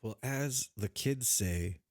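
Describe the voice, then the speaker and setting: A man's voice: medium pitch, takes it slowly, darkish tone, no room sound, studio quality. A man casually playing a character in a tabletop game, easygoing and chatty. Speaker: player.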